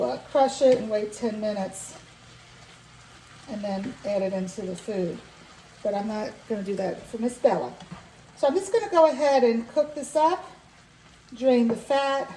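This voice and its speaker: Woman with a New York accent, cooking-channel host, easygoing and reassuring, unhurried delivery, mellow tone. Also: a little high, reverberant, recorded from a distance, a little hiss or hum, poor audio. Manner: chatty, reassuring, with fillers. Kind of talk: casual cooking demonstration.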